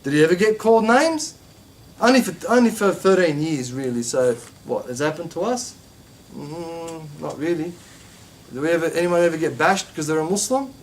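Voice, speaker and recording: A man teaching a religious class, talking in an animated way with many rhetorical questions and emphatic repetition. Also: on the high side, moderate pace, a little hiss or hum. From Australia.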